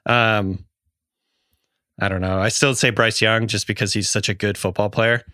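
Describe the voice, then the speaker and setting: Laid-back guy cohosting a podcast, bright voice, dry close sound. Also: fairly low pitch, steady tone, normal speed, clear, resonant tone, no echo. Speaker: podcast co-host. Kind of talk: casual chat.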